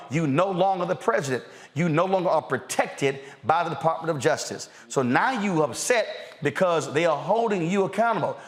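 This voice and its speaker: Animated, mocking man hosting commentary. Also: on the high side. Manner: mocking, animated, slangy, with rising outbursts. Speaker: host. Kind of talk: lively commentary.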